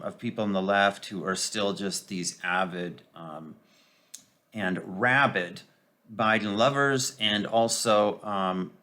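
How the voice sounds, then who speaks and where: A man giving a casual, sarcastic political commentary, full of mocking asides and hesitant filler pauses. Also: on the low side, sharp tone.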